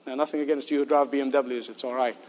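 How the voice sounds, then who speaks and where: A man's voice: mid-range voice, steady tone, fast talker, darkish tone, slight background noise. A male preacher giving an emphatic sermon with rhetorical questions and joking asides. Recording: long hall reverb.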